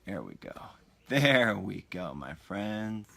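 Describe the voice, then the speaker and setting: Bright-voiced chatty male podcast host. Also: fairly low pitch, huge pitch swings, moderate pace, creaky, slightly rough. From Pennsylvania. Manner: rambling and chatty, stalls with restarts and asides. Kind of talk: casual solo podcast monologue.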